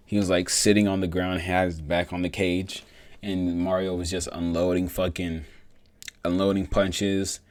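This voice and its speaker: A young man giving a casual, profane, rambling breakdown of fights as a vlogger, getting excited as he talks. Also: sits low, clean tone, dry recording. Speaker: MMA vlogger.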